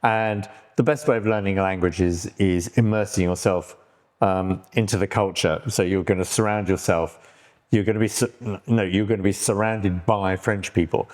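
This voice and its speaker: A middle-aged man with a British accent and a lowish voice co-hosts a relaxed podcast. He rambles a little, filling pauses with ums and restarting his sentences. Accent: British English. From Britain. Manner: rambling, many fillers and restarts. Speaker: podcast co-host. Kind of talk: casual chat.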